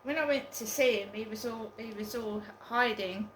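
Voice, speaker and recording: A woman's voice: on the high side, echoey room, a little hiss or hum, poor audio. A woman telling a story in a casual vlog, hesitant and full of ums. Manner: slow, hesitant, with many ums. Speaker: vlogger.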